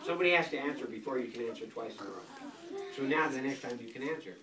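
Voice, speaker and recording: An older grandfather reading a picture book aloud to a school class in a playful, animated way, stopping often to quiz the children. He is recorded from across an echoey classroom full of kids. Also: medium pitch, fast talker, far from the mic, crowd noise. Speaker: guest reader, grandfather.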